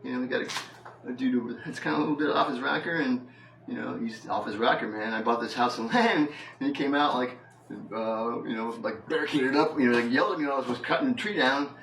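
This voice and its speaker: A man's voice: medium pitch, quick pace, a bit bright, roomy sound, recorded from a distance, a little hiss or hum, rough recording. A man vlogging in a loose, rambling monologue, full of fillers and laughs. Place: house with the door open.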